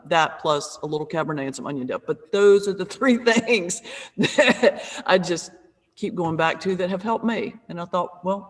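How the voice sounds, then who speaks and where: Woman in her fifties, pastor and comedian, tells lively funny stories on a video call with a long room echo. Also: low voice. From North Carolina, USA. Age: 50s. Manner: humorous, lively, self-deprecating. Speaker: pastor and comedian, interview guest. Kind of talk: conversational storytelling.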